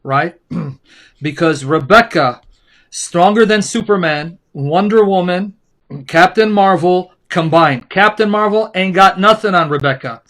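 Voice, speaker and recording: A man's voice: high voice, unhurried, a bit bright. A man co-hosting a heated religious debate show, talking in an emphatic, sarcastic, mocking way. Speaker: co-host. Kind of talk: heated apologetics discussion.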